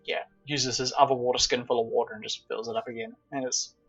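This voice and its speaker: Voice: mid-range voice, little pitch movement, quick pace, creaky, a bit bright, slightly rough, faint music behind. A game master narrating a tabletop game, stammering and chuckling through descriptions. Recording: slightly dull lo-fi audio.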